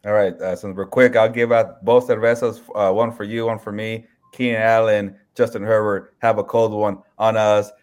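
A man co-hosting a sports podcast who gives measured, plain-spoken analysis with lots of "uh" fillers. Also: on the low side, little pitch movement, a little mellow, clear, resonant tone. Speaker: podcast co-host.

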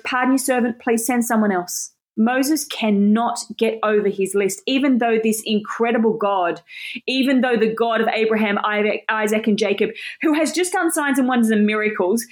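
Brief: woman Bible teacher, lively casual preaching, higher voice, quick laughs. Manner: animated, self-deprecating, laughs often. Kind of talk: casual sermon.

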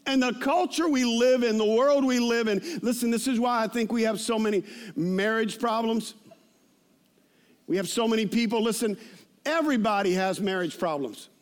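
Animated high-voiced man preaching a sermon. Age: 50s. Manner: animated storytelling, shouting at punchlines. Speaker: pastor.

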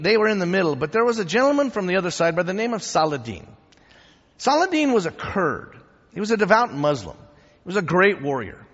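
A man preaching a sermon and teaching church history in an animated, humorous, conversational way. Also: high voice. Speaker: pastor. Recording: dull echoing hall sound.

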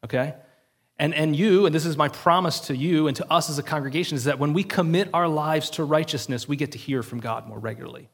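A man's voice: a little high, fast, husky. A male pastor giving an earnest, conversational sermon and often checking in with the congregation.

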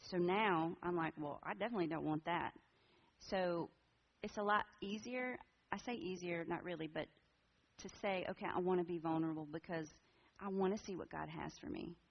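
A woman's voice: lowish voice, moderate pace, gravelly. A woman in her forties giving a candid, earnest personal testimony to a church group in a conversational way. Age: 40s. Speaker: women's ministry speaker. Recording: dull lo-fi recording.

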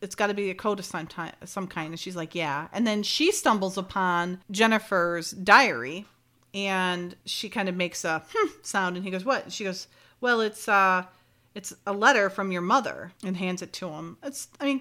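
A woman's voice: on the low side, normal speed, pushed and bright. Chatty woman recapping a TV episode. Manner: chatty, acts out dialogue, giggly. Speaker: podcast co-host. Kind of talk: casual chat recapping a TV episode.

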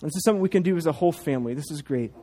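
A man pastor in his thirties gives a sermon with the animated, playful touch of a storyteller, often tossing quick asides to the congregation. His voice sits a little higher than most men's.

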